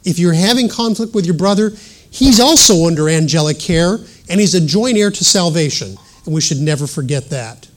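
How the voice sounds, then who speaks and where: A man's voice: on the high side, expressive, moderate pace. A middle-aged man preaching a sermon in an earnest teaching manner, reading scripture aloud and adding self-deprecating asides.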